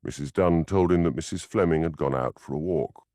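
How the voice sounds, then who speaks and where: A man's voice: rumbling low, a little fast, warm tone, no room sound, clean studio sound. A man reading a mystery audiobook as narrator, telling the story expressively. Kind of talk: scripted narration.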